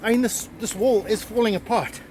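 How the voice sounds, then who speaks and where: A man hosting a vlog outdoors at old stone ruins, excitedly exclaiming and repeating himself into a handheld camera mic. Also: high-pitched, fairly quick, slight background noise. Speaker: vlog host exploring ruins. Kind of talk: excited on-the-spot vlogging.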